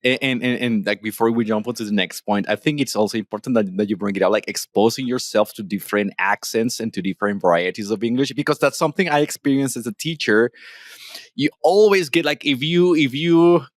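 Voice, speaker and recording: A man's voice: mid-range voice, a little fast, no room sound, clean studio sound. A man hosting an interview, a former English teacher who rambles with many restarts and fillers. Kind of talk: casual interview chat.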